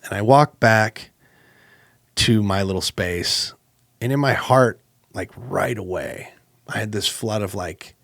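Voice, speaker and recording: A man co-hosting a podcast, telling a personal story in a casual, animated way with lots of fillers. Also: takes it slowly, vocal fry, pauses often, no room sound, clean studio sound. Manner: animated, acts out quoted exchanges with jumps in pitch; conversational, with many fillers and restarts. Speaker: podcast co-host.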